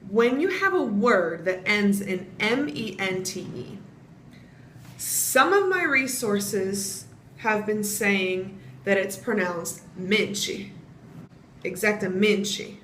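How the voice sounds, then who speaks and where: A young American woman talks in a relaxed, chatty way and spells words out letter by letter as she explains them. Her voice sits in a middle register. The room is echoey, with a faint hum of ambient noise underneath. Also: medium pitch, takes it slowly. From United States. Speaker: vlogger teaching Portuguese pronunciation. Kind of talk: casual vlog lesson.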